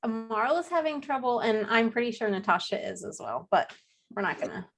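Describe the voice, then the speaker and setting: A woman co-hosts a live cookie class over a video call, keeping an eye on the students. She is playful and direct, and her voice sits a little high. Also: expressive, moderate pace, fairly bright tone. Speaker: co-host helping run the class.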